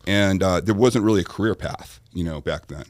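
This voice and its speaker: Deep-voiced man telling a war story. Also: a little fast, no room sound. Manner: animated storyteller, acts out quoted voices. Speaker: podcast guest. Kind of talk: storytelling in conversation.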